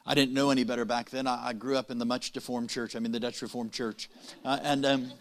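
A man preaching a sermon, telling a story with dramatic pauses and quick, punning asides. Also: medium pitch, little pitch movement.

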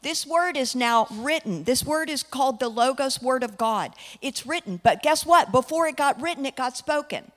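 High-voiced woman preaching a sermon. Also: expressive, big-room sound. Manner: emphatic, stretching key words slowly.

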